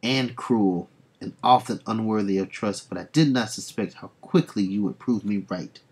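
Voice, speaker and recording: A man's voice: fairly low pitch, normal speed, husky. A man voicing a proud, indignant warrior heroine, reading her formal lines in his own voice.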